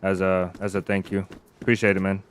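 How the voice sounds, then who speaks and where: A man's voice: deep voice, fairly quick, a little hiss or hum. A man streaming a survival game, chatting casually and rambling with his viewers. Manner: relaxed, rambling, chats with viewers. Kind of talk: casual live-stream commentary.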